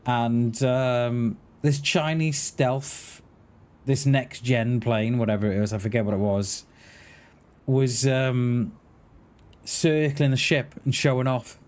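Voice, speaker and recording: Male streamer, mid-pitched, rambling chatter with frequent restarts, talking to chat while he plays. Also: fairly even intonation, slow pace, a little mellow. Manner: rambling, restarts words often, talks to chat. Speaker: game streamer. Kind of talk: casual livestream chat while gaming.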